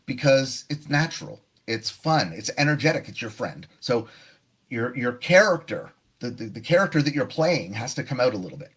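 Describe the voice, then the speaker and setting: A man's voice: medium pitch, very animated, moderate pace, a bit bright, breathy edge. A man teaching a live online test prep lesson, explaining tasks and acting out sample answers. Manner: explanatory, demonstrative.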